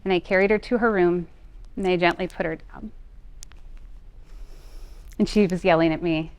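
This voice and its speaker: A middle-aged woman, a parent coach, telling a personal story in an earnest, gentle way. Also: fairly low pitch, steady tone, moderate pace, clean tone. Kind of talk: personal talk.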